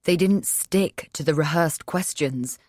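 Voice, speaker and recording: A woman's voice: low voice, measured pace, darkish tone, no room sound, clean studio sound. Woman reading as a hurt, pleading jilted man. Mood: apologetic. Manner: pleading, sarcastic.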